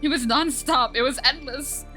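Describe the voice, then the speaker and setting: A young man shattered by endless time loops, voiced by a woman, pleading in a raw, strained voice. It sits high and bright, well above her usual pitch. Faint music lies under it. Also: moderate pace. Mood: despairing.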